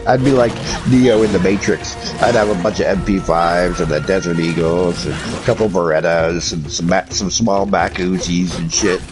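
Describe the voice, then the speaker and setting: A man's voice: low-pitched, fairly even intonation, normal speed, few pauses, music in the background. An American man chatting casually with viewers while streaming a game, joking and swearing. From United States. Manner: profane joking banter with chat. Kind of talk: casual livestream chat.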